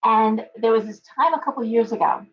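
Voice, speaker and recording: A woman's voice: on the high side, a little fast, distant mic. A middle-aged woman talks in a loose, rambling live-stream chat, breaking off to greet her viewers by name. She sits a little back from the mic. The sound is dull and lo-fi. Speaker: tarot reader hosting a live stream.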